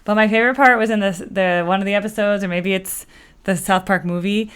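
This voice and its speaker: A woman talks her way through a music reaction video in a loose, rambling chat. She is full of fillers and playful asides, and her voice sits at an ordinary middle pitch for a woman. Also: steady tone, fairly quick, fairly bright tone, clean tone. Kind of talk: casual chat.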